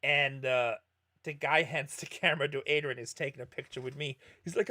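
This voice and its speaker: His voice is mid-range, bright and forceful, with a steady tone and a fairly quick pace. He's a middle-aged man casually chatting on a poker stream, answering viewers and rambling through self-correcting stories.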